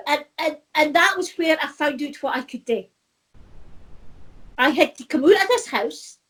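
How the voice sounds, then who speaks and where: Scottish woman, middle-aged, high voice, rambling personal story, heartfelt. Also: fairly bright tone. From Scotland. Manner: heartfelt, rambling, restarts often. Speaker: spiritual medium.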